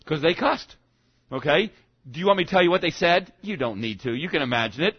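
Man preaching, pastor, chatty sermon, asks the crowd questions, higher voice, dry muffled recording. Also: lively intonation, fairly quick, slightly rough, no room sound. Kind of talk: sermon on evangelism.

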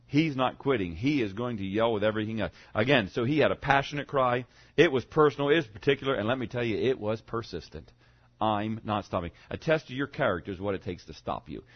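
Male preacher, animated delivery with big loud-soft swings, mid voice, slightly muffled recording. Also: mid-range voice, breathy edge. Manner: animated, swings between loud cries and hushed lines. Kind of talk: sermon.

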